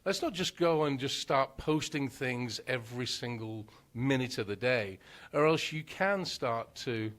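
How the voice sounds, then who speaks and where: A man talks as a guest on a studio radio show, chatty and full of fillers and restarts. His voice is in a middle pitch, and he speaks into a studio microphone. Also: animated, unhurried, fairly bright tone. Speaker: marketing guest. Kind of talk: casual radio interview talk.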